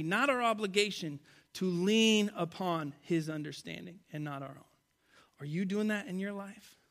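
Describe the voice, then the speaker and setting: A pastor preaching to a congregation from a church stage, swinging between loud, animated passages and hushed, quiet ones. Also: male voice, high voice. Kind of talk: sermon.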